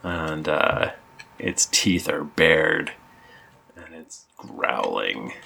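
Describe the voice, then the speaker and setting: A man with a very deep, gravelly voice narrates a tabletop game as its game master. He speaks very slowly and halts on fillers, and his tone is bright and lively. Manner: halting, full of fillers.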